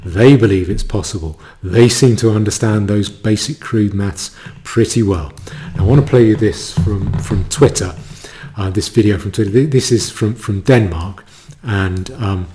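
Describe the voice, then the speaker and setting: A man giving a solo commentary monologue, halting, with many stammered restarts. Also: lowish voice, dark tone, a little hiss or hum.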